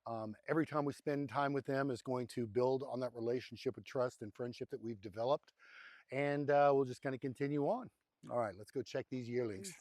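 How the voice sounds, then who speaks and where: A man casually narrating to camera at a farm cattle pen. He rambles and coaxes the animals in a soft voice. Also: medium pitch, brisk, no room sound. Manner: rambling and chatty, coaxing the animals softly. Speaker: homestead vlogger. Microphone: handheld or nearby camera mic.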